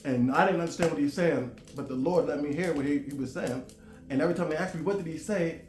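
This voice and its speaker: Animated man in his forties, echoey room. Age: 40s. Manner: animated, drawn-out emphatic delivery with sudden loud high bursts. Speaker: vlogger. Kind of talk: casual storytelling monologue. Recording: roomy echo with faint music.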